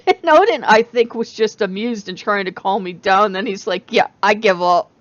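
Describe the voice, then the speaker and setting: A woman talks straight to camera in a casual vlog, animated and often breaking into laughter. Her pitch sits in the middle but swings widely as she tells the story. The recording is dry and a little dull. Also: moderate pace, no room sound. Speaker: channel host.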